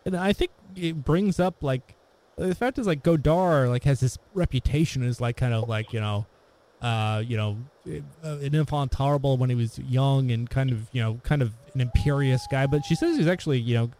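A man talks in a relaxed, mellow voice, wandering through his thoughts with plenty of fillers and restarts. It is casual, unhurried chat between friends. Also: mid-range voice. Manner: rambling, hesitant, many fillers and restarts. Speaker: podcast co-host discussing films.

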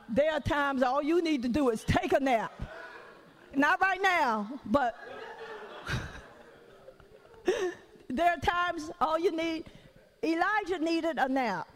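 A woman preaching a sermon in a folksy, conversational way, acting out the quotes she gives. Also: high-pitched. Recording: long reverb of a large hall.

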